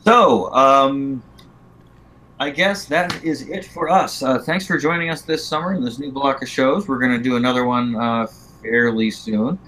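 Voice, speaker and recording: A man hosting a casual live-stream show, talking in a halting way with many ums and uhs. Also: mid-range voice, bright, forceful tone, slight background noise, poor audio. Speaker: host of a lightsaber school's live show.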